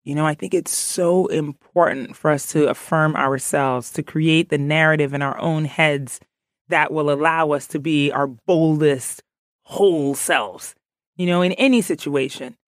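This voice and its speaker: A woman from Ghana, a podcast guest, chatting in an animated, playful way and laughing often. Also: deep voice, a little slow, no echo, clean studio sound. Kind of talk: casual interview chat.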